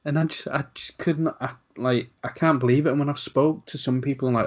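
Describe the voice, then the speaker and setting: A man hosting a casual interview, asking long, rambling questions in a relaxed way. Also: mid-range voice, fast talker, few pauses. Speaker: podcast host.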